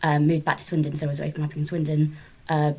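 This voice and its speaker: Husky low-voiced hesitant Englishwoman. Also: monotone, mellow. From England. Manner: hesitant, halting, full of fillers. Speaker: podcast guest, performer. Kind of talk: casual conversation.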